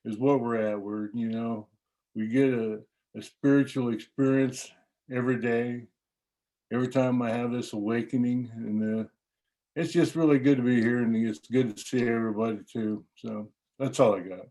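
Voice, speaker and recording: Hesitant older man, mellow voice. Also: medium pitch, steady tone, poor audio. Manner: hesitant, halting, many fillers. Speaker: meeting member. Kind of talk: personal share at a recovery meeting.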